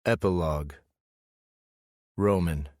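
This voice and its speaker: A man reads a romance audiobook in the first person, slow and measured. His voice is low and intimate. It is recorded close and dry. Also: darkish tone, dry recording. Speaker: audiobook narrator.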